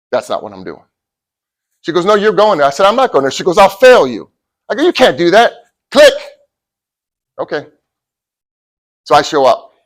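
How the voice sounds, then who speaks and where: A middle-aged man giving a motivational talk to college athletes, telling a personal story and swinging from loud bursts to hushed asides. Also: mid-range voice, poor audio. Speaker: motivational speaker.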